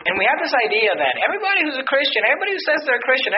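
Man, preacher, very high voice, scripture reading and emphatic sermon, roomy slightly dull recording. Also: big pitch swings, very fast. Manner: reads scripture then expounds emphatically, with repetitions.

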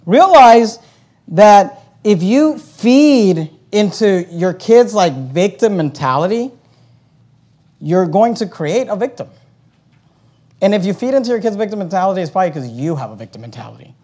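Pastor, middle-aged man, high-pitched and animated, preaching with big swings from loud to hushed. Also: moderate pace. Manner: animated storytelling, acting out quoted voices, swings between loud and hushed. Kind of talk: sermon.

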